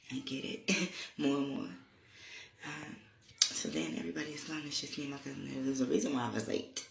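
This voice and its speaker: Man, gravelly voice, rambling storytelling, lots of "you know", echoey room. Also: medium pitch, a bit bright, a little hiss or hum. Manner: laughs often while telling. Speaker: holistic healer vlogger. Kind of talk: personal storytelling.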